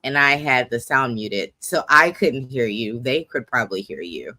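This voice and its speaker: A forty-year-old who hosts a poetry slam's monthly livestream rambles along in casual chat, poking fun at themselves. Their voice sits in the mid-range with lively intonation, a moderate pace, and a bright, forceful tone, free of echo.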